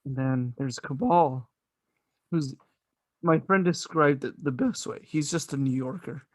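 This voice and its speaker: A man's voice: on the high side, unhurried, no room sound. Enthusiastic, swearing man reviewing a movie. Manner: enthusiastic, swears often, loose rambling. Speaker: podcast co-host. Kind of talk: casual movie review chat.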